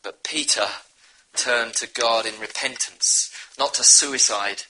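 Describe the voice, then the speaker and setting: A man's voice: medium pitch, slow, bright, forceful tone, a little hiss or hum, low-quality recording. A man preaching a sermon, earnestly urging his listeners to repent. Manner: earnest, pleading exhortation.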